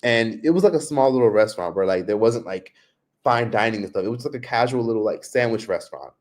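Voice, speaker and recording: A man's voice: expressive, fast. Man livestreaming from his laptop, casual and rambling. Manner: chatty, frequent "like", mimics others in high voices. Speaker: livestream vlogger.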